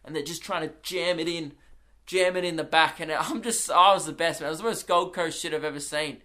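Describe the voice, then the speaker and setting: Bright-voiced Australian comedian telling stories. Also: male voice, fairly high pitch, fairly even intonation, brisk. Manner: rambling, swearing, anecdotal storytelling. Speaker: comedian and podcast host. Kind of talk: casual solo podcast chat.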